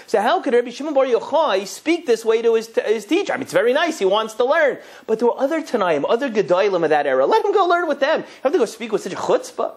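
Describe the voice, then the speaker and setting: Animated young rabbi teaching. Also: male voice. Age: young adult. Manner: lively, emphatic storyteller with big pitch swings. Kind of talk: Torah lesson to an audience.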